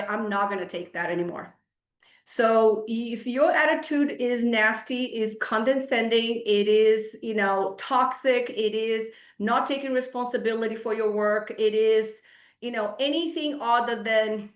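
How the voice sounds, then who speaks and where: A woman in her forties, a fitness coach, bluntly lecturing her clients on a group video call. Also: on the high side. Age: 40s. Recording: echoey room.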